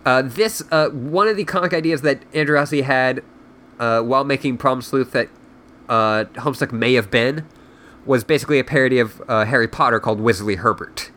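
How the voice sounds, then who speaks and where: A man's voice: mid-range voice, brisk, a bit bright. A man hosting a podcast, reading a story aloud and then chatting loosely with many fillers. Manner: loose, filler-heavy talk with lots of "like". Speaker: podcast host. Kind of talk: casual chat and reading aloud.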